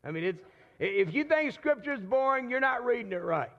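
A man's voice: extremely high pitch, lively intonation, fairly quick, muffled recording. A man preaching a sermon in a conversational way, often repeating and restarting his words. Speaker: pastor.

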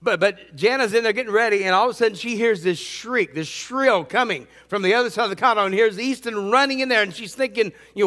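A man's voice: sits high, lively intonation, quick pace, hardly any pauses, a bit bright, big-room sound. A middle-aged man preaching a sermon as pastor, earnest and often repeating words.

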